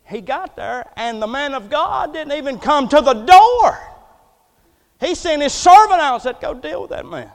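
High-voiced preacher in a reverberant hall. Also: male voice, animated, unhurried. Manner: folksy, joking, swings from soft asides to loud preaching. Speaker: pastor. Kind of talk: sermon.

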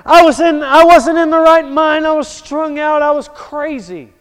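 A preacher acting out a frantic, remorseful killer. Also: male voice, very high-pitched, fairly even intonation, normal speed, a bit bright, voice pushed up. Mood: frantic pleading. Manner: desperate, pleading, stammering. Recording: echoey hall.

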